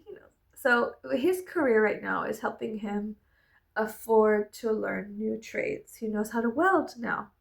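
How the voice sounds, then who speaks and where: A woman's voice: mid-range voice, vocal fry. A young adult woman chatting casually in a vlog, rambling, laughing often and swearing freely. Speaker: vlogger.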